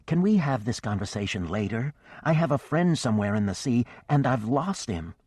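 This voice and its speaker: A man's voice: medium pitch, sing-song, normal speed, darkish tone, slightly rough, dry recording, studio quality, pitched above the performer's own voice. A man voicing a polite, direct teenage girl. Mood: earnest. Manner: polite, a bit curt.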